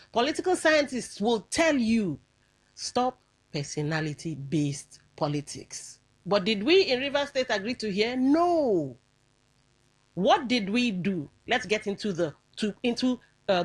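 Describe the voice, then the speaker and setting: A Nigerian woman hosting a radio talk show, giving a rambling, reflective commentary full of fillers and restarts. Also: on the high side. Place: radio studio.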